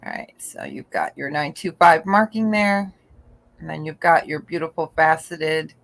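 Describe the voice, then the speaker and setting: A woman's voice: sits low, very animated, normal speed, vocal fry, fairly bright tone, low-quality recording. Chatty woman selling jewelry live. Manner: chatty, describing items, laughs often. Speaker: jewelry auction co-host. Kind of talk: live-stream auction chat.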